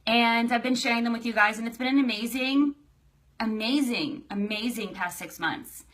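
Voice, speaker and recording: A woman's voice: fairly high pitch, normal speed, fairly bright tone. A young adult woman hosting a casual live stream, chatty and emotional, greeting viewers by name. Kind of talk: casual livestream chat.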